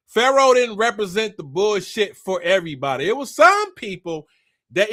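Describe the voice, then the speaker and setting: High, bright-voiced man telling stories. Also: dry recording, clean studio sound. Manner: animated, profane, slangy, acts out quotes. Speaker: spiritual commentator. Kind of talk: casual storytelling monologue.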